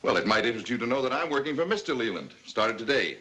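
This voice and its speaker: A man's voice: medium pitch, very animated, fast talker, a little hiss or hum. An actor playing a stern, worn-out father scolding his daughter in a 1950s TV drama. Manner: stern, scolding, rising to shouts.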